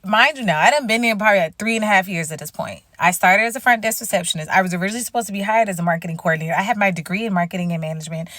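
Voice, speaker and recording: A woman's voice: medium pitch, racing, few pauses, fairly bright tone, no echo, clean studio sound. A woman casually telling the story of her career, acting out quoted dialogue with big jumps in her voice.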